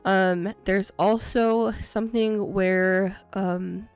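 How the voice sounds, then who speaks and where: A woman streaming a video game, chatting casually and excitedly about what she sees, with frequent laughs. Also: mid-range voice, extremely slow, smooth, soft background music. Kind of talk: casual gameplay commentary.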